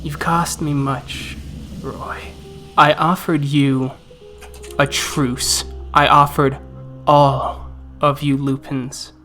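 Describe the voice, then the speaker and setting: A man voicing an ancient male vampire who speaks slowly and coldly, with a low, hushed delivery that slips into whispers. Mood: menacing. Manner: slow, measured, threatening. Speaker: vampire villain.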